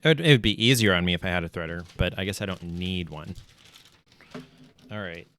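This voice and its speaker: A man's voice: low voice, expressive, a little fast, a bit bright, slight background noise. A man streaming casually while he stitches, rambling along with self-deprecating asides. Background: faint lo-fi music.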